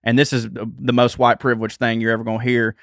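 A comedian from Georgia with a Southern accent, chatting on a podcast and telling rambling, self-deprecating stories. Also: male voice, medium pitch, flat delivery, quick pace, no echo, clean studio sound. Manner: rambling storyteller, self-deprecating, laughs often. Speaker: comedian guest. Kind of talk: casual podcast chat.

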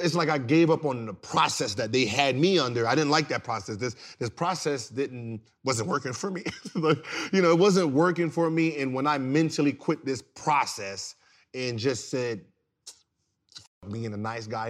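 Man in his 30s, ex-pro athlete as podcast guest, casual storytelling, animated and slangy, repeats himself, mid-range voice. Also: medium pitch, moderate pace. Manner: animated, slangy, repeats words, gets loud and laughs while telling stories. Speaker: podcast guest, former pro basketball player.

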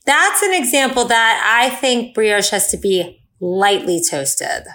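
A woman in a relaxed casual chat, speaking easygoingly with frequent fillers. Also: on the high side, slow.

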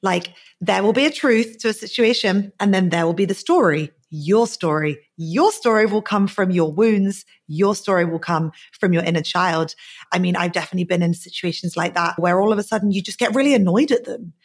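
A woman's voice: fairly low pitch, a little fast, breathy edge. A woman hosting a podcast, reflective in her talk and asking her guest questions. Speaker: podcast host. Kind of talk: podcast conversation.

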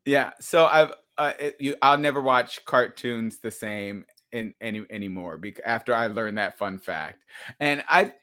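A man's voice: medium pitch, animated, a little slow, sharp tone. A man co-hosting a podcast, chatting casually and playfully with frequent laughter. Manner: giggly, playful. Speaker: podcast co-host. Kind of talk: casual chat.

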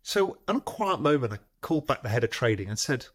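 A man of middle pitch tells a story as an interview guest, his voice sitting neither high nor low. He talks in bursts, restarts his sentences, and acts out the phone calls he remembers. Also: very animated, fast talker. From United Kingdom. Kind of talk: storytelling in a long-form interview.

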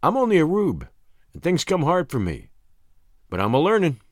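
A man's voice: a little high, huge pitch swings, normal speed, no echo, clean studio sound. A man reading an audiobook, voicing a shy, earnest young country man with plain rural speech.

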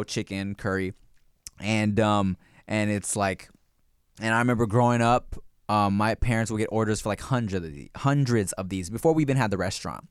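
Smooth-voiced man telling a relaxed story. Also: medium pitch, dry recording, clean studio sound. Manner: relaxed, storytelling with fillers and restarts. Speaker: guest sharing food. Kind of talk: casual chat.

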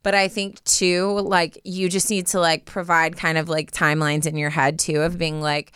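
Young woman, podcast co-host, casual advice chat, lots of fillers, very clear voice, dry sound. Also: low voice, flat delivery, normal speed, hardly any pauses, a bit bright, dry recording. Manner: chatty, full of "like" fillers.

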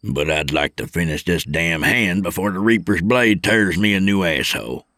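A man's voice: deep voice, lively intonation, normal speed, pushed and bright, dry recording. Man voicing a grumbling crude old trucker. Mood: impatient. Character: grumpy gray-mustached old male trucker.

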